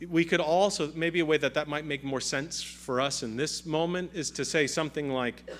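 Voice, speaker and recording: Emphatic preaching man, fairly high voice. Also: moderate pace, a bit bright, slight background noise. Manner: emphatic, repetitive preaching cadence. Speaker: pastor. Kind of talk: sermon.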